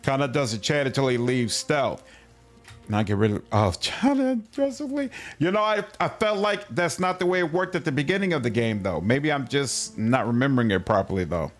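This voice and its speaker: A man casually chatting through a game livestream, answering his chat in a relaxed way. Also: mid-range voice, fairly quick, soft background music. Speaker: streamer. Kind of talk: casual gameplay livestream commentary.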